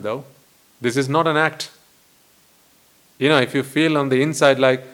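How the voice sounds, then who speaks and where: A man, a Buddhist monk, giving a dharma talk in a deliberate way, full of rhetorical questions and repetition. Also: mid-range voice, steady tone, a bit bright.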